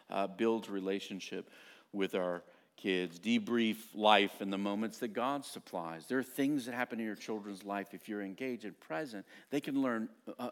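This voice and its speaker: A middle-aged man preaching a sermon as pastor, telling family stories in an animated, self-mocking way. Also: fairly low pitch.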